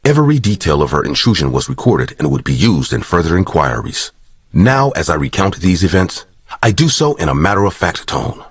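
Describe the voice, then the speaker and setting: Deep husky male story narrator. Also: fairly quick, no echo, clean studio sound. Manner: even, matter-of-fact storytelling. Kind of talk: scripted narration.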